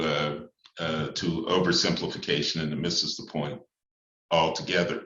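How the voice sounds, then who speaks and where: Deep-voiced priest thinking out loud, lots of uhs, echoey room. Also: male voice. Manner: thoughtful and measured, with frequent pauses and fillers. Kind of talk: reflective talk on church and society. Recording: echoey room, slightly dull sound.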